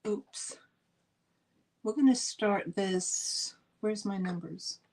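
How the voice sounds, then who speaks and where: Drawing out her words in a medium-pitched, darkish voice, a woman hosts a live online sale over poor audio. She's from the northern U.S. and talks straight to her viewers in a chatty, gushing manner.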